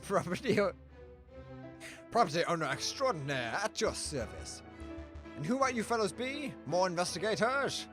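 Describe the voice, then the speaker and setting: A man's voice: high voice, big pitch swings, moderate pace, pauses often, music in the background. A man voicing a smug, wealthy male lion baron with a put-on French accent and a pompous, gracious manner.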